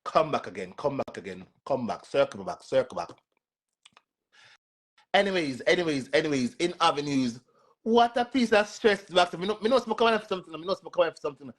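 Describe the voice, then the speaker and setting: A man's voice: fairly high pitch, lively intonation, brisk. A man with a Jamaican accent, from Jamaica, doing a casual live stream and sassily answering viewer comments, often repeating himself. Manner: sassy and repetitive, talking straight back to commenters.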